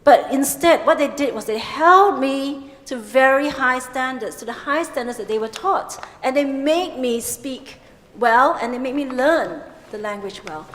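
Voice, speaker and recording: Speaking at a measured pace, a Singaporean woman with a high voice delivers a plenary conference lecture. Her manner is lively and expressive with chatty asides, and the large hall gives the audio a long, echoing reverb.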